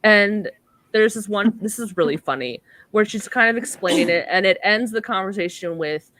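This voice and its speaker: Speaking at a normal speed in a medium-pitched, fairly bright voice, a young podcast co-host chats her way through an episode recap. She drops "like" constantly and performs the quoted lines.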